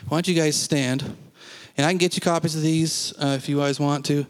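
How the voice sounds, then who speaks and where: A man preaching a sermon as pastor, talking earnestly and conversationally, then leading slow, deliberate confessions for the congregation to repeat. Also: on the high side, fairly even intonation. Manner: leads slow call-and-response confessions.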